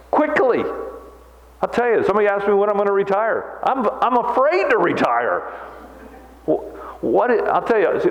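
An older man in his sixties delivers a sermon as pastor, teasing himself and his listeners between earnest points. His voice sits a little high for a man. The sound is dull and lo-fi, with a long echo from a large hall. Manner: animated, self-mocking preaching with quick jokes.

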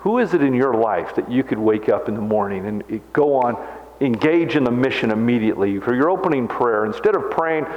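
Older man preaching in an echoey hall. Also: mid-range voice. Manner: animated, self-mocking preaching with quick jokes. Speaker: pastor. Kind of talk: sermon. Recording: echoey hall, dull lo-fi sound.

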